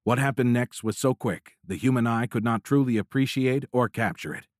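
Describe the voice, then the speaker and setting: A man narrating a military thriller audiobook in a measured, dramatic reading, recorded close. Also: medium pitch, dry recording. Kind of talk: scripted narration. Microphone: close studio mic.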